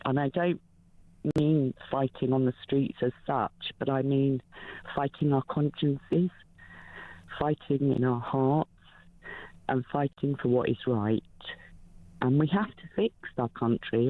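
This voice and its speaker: A woman in her fifties calling in to a talk show, speaking emotionally and haltingly with many fillers. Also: very deep voice, no echo. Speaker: caller. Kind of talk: phone-in call. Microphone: telephone. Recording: tinny phone line.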